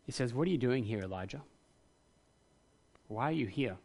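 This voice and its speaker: A man delivering a sermon in an earnest, reflective way. His voice sits at an ordinary middle pitch, and his emphasis builds into passion when he makes a point. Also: lively intonation, moderate pace, darkish tone. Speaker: pastor.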